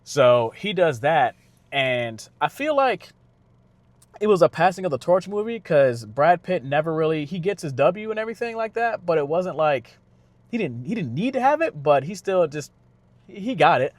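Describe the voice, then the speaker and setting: A man's voice: fairly high pitch, big pitch swings, no room sound. A man giving a casual spoken movie review, loose and conversational with lots of fillers and restarts. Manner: slangy retelling with quick impressions of characters. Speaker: car channel vlogger reviewing a film.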